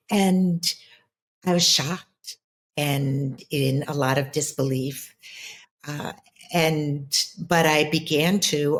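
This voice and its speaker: A middle-aged woman, a spiritual coach, telling a personal story in an interview in an earnest, reflective way with many restarts. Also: low voice. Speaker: ancestral healer and spiritual coach.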